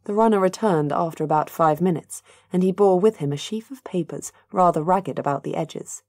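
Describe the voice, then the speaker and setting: A woman narrating a fantasy audiobook in an even, measured way. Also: on the low side, dry recording, clean studio sound. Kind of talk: scripted narration.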